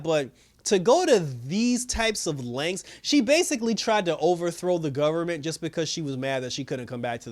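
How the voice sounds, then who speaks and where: A man talks through a TV episode in a loose, excitable ramble, full of "you know" and "like". His voice sits a little high for a man. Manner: rambling, excitable, many fillers, laughs often. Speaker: show reviewer. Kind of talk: casual recap and commentary.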